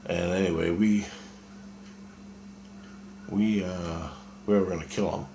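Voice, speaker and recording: A man's voice: low-pitched, fairly even intonation, slow, creaky, dark tone, echoey room, slight background noise. A man telling a rambling personal story on a video, talking casually with lots of swearing and trailing fillers. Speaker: vlogger.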